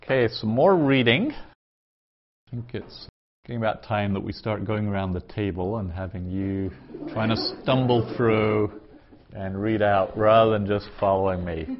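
In a muffled recording, a man with a lowish voice leads a Hebrew grammar class at a table, taking his time to explain and to sound out words.

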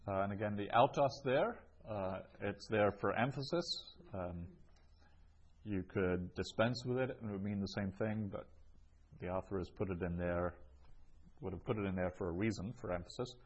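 Low-voiced male teacher, unhurried lesson delivery, muffled lo-fi sound. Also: breathy edge. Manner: reads each phrase twice, then translates, with frequent ums. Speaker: Greek teacher. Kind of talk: slow explanatory language lesson.

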